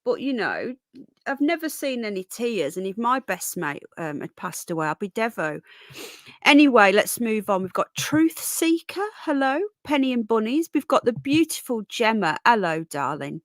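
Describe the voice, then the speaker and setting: A woman's voice: a little high, very animated, moderate pace, no room sound, clean studio sound. A tired, yawning woman hosting a casual live stream, chatting and greeting viewers by name as darling and sweetheart. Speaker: livestream host.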